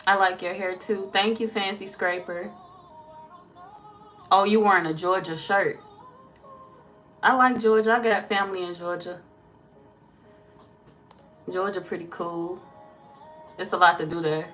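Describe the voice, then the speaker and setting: A woman's voice: lowish voice, fairly even intonation, measured pace, pauses often, a bit bright, faint music behind. Chatty woman tarot reader on a live stream. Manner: chatty, swears freely, greets viewers by name. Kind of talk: casual live-stream chat.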